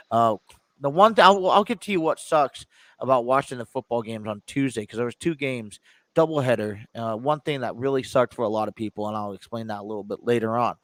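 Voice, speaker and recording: Casting: male podcast host, middle pitch, loose rambling chat, dry close sound. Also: no room sound. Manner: rambling, many fillers and restarts. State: stuffy. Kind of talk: casual chat. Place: home studio in his living room.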